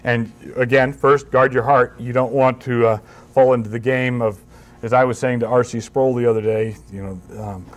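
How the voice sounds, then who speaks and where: A man's voice: medium pitch, steady tone, normal speed. A man speaking as a pastor at a conference, conversational and emphatic, with wry humor and frequent restarts. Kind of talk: conference talk.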